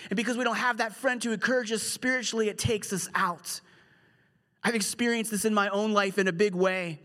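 A man's voice: high voice, steady tone, a little fast, bright, forceful tone, big-room sound. A male pastor preaching a sermon in a conversational storytelling way, with humorous asides.

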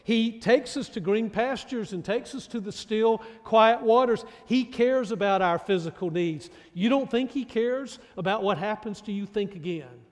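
High-voiced preaching man in a reverberant hall. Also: normal speed, hardly any pauses, a little mellow. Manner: emphatic preaching with repeated restarts. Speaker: pastor. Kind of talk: sermon.

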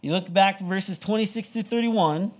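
A man's voice: sits high, normal speed, a little mellow. A young man preaching a sermon, retelling the story in a casual, conversational way full of "like" and "you know". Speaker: pastor.

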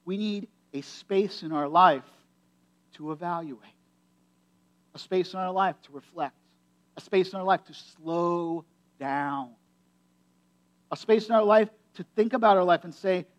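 A man's voice: sits high, unhurried, pauses often. A man, a pastor, delivering a sermon in a conversational but emphatic way, often repeating phrases for effect. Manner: conversational, emphatic preaching with repetition.

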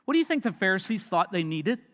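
A man preaching a sermon, swinging from loud emphatic lines down to hushed near-whispers. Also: high voice, very animated, quick pace. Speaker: pastor. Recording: long hall reverb.

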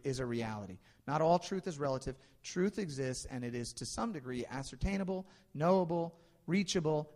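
A man in his thirties, a pastor giving a casual, story-filled sermon with lots of ums and restarts. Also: mid-range voice. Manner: casual, anecdotal preaching with frequent fillers and restarts. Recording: long reverb in a large hall.

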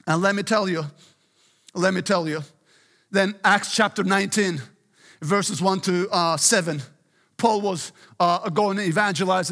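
A man's voice: high voice, fairly bright tone, long reverb tail. A middle-aged male pastor preaching an emphatic sermon, often urging listen and praise God.

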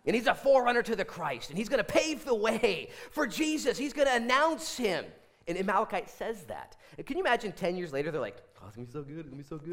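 In a church sanctuary, a pastor in his thirties preaches a sermon in a fairly high-pitched voice. He's animated, swinging between loud exclamations and hushed asides.

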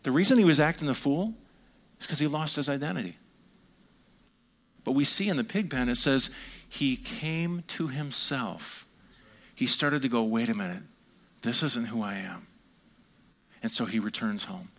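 Man, pastor, lively sermon, acts out quotes, bright tone. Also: mid-range voice, moderate pace, long pauses. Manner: animated preaching, acting out quoted lines.

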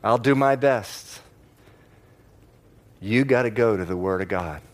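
Emphatic man preaching a sermon. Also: lowish voice. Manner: emphatic, slows down to stress key words; repeats phrases for emphasis. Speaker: pastor. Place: church, in front of a congregation.

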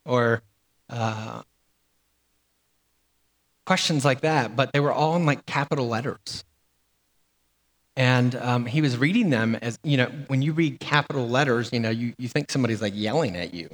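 A man's voice: medium pitch, moderate pace, long pauses, in a large hall. A man delivering a sermon as pastor, in a conversational way with fillers and repeated words.

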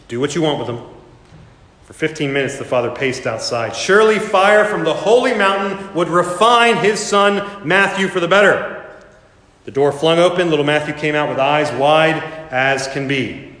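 A man preaches a sermon, telling a story with dramatic swells and sudden loud rises as he slips into character voices. His voice is a little high for a man, with lively intonation at a normal speed. It rings out through a large, echoing hall with a long reverb tail.

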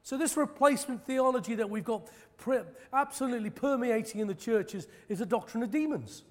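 A man's voice: very high-pitched, brisk, long reverb tail. A man preaching a sermon, moving from prayer to a personal testimony, impassioned and emphatic, with self-deprecating jokes. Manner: self-deprecating, joking asides.

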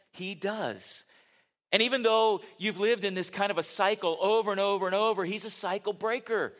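An older man delivers a sermon in an earnest, conversational way. His voice sits high for a man, and he often drops to a soft, low-volume delivery to drive points home. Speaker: pastor.

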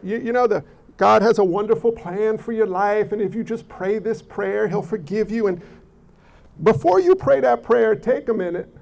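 A man preaching a sermon in an animated way. He often repeats words as he builds his points. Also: sits high, creaky. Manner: animated, repeats words, acts out quoted people. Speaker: pastor. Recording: dull lo-fi recording.

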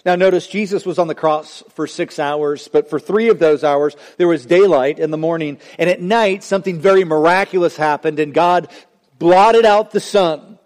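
Man, pastor, preaching, high voice, swells and hushes, echoing sanctuary. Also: moderate pace. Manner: dramatic preaching, voice rising and dropping sharply. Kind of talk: sermon. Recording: long hall reverb.

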